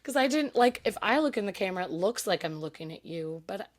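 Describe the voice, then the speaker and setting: A woman's voice: medium pitch, expressive, a little hiss or hum. A young woman co-hosting a podcast, rambling and joking at her own expense. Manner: rambling, self-deprecating, quick restarts. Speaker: podcast co-host. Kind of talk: casual chat.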